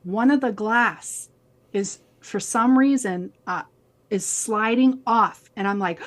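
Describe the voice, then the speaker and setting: Animated female co-host, higher-pitched, for chatty story-driven podcast talk. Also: slow. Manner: animated storyteller acting out quoted dialogue. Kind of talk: casual storytelling chat.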